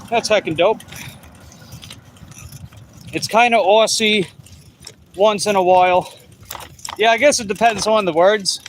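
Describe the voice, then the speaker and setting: This vlogger, a middle-aged delivery rider with a Long Island New York accent, rides an e-bike on the road while chatting and reading viewers' comments aloud, his thoughts rambling and restarting. The voice is high and fairly bright, with slight background noise.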